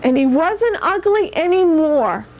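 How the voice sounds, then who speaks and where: A woman's voice: extremely high pitch, big pitch swings, a little slow, darkish tone. A woman reading a picture book aloud to young children in a television studio, in a patient sing-song manner that coaxes them to answer. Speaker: children's story reader.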